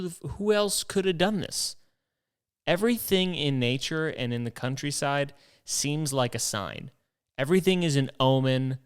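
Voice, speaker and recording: A man's voice: mid-range voice, clear, resonant tone. A young man hosting his own show, rambling through stories in a casual, profane, self-deprecating way. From New York. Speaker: podcast host.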